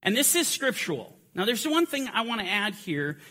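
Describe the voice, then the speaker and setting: High, bright-voiced emphatic male Bible teacher. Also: very animated, moderate pace. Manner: emphatic, building to forceful climaxes. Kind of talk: teaching lecture.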